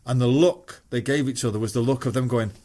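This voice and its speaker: A man's voice: medium pitch, fairly quick, warm tone. A middle-aged man with a Mancunian English accent, a musician guest telling anecdotes in casual chat, swearing freely and acting out quoted voices.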